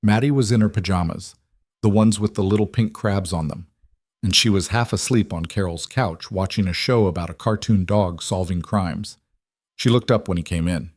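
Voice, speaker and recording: Man narrating a scripted story, calm and measured, low voice, dry close sound. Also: dry recording.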